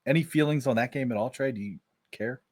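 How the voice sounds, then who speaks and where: A man's voice: medium pitch, quick pace, no echo, clean studio sound. A man co-hosting a sports podcast, easygoing, moving the talk from game to game. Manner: easygoing, leads the segments. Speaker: podcast co-host. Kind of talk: casual sports chat.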